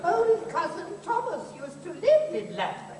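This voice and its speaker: A woman's voice: very high-pitched, big pitch swings, normal speed. An actress playing a snooty, drawling aristocratic lady on a theatre stage. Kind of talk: live stage musical dialogue. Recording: echoey hall from far off, crowd and noise.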